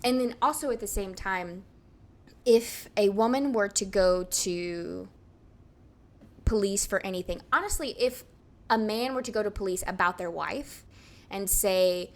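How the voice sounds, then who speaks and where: A woman's voice: medium pitch, a little slow. Chatty young woman telling a story. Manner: animated, laughs often, many fillers. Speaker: podcast co-host. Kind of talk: casual storytelling chat.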